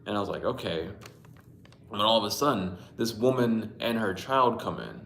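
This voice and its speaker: Livestream host, male, lowish voice, rambling and profane, greets viewers, echoey room. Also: animated, normal speed, creaky, a bit bright, a little hiss or hum. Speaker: livestream host reading dreams. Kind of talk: casual livestream dream storytelling. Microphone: Bluetooth mic.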